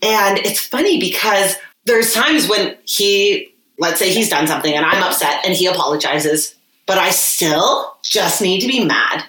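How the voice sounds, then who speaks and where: A woman's voice: medium pitch, expressive, measured pace, bright, forceful tone, roomy sound, low-quality recording. A woman co-hosting a podcast, chatting casually and animatedly, laughing often. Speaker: podcast co-host. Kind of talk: casual chat.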